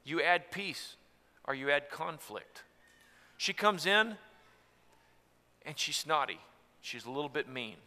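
Preacher with a bright voice in a hall. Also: male voice, fairly high pitch, very animated, takes it slowly, pauses often. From Tennessee. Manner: earnest, swings from soft to loud. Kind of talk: sermon on marriage.

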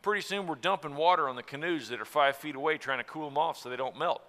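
A man, from Tennessee, preaching a sermon about marriage in an earnest way, going from soft to loud. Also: on the high side, fast, in a large hall.

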